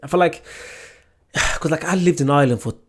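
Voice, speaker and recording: A man's voice: a little high, normal speed. A man hosting a reaction video, chatting casually and enthusiastically.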